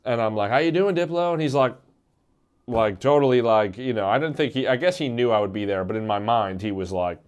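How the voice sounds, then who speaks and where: A man casually telling a comedic story about himself, wry and halting, with plenty of fillers. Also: on the low side, clear, resonant tone.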